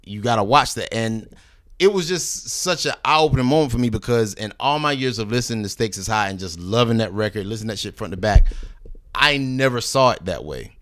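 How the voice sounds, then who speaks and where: Bright-voiced man telling a profane story. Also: fairly low pitch, expressive, fairly quick, no room sound. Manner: profane, laid-back, acts out quoted people; frequent "you know what I mean" asides. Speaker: recording artist guest. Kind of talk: casual storytelling on a podcast.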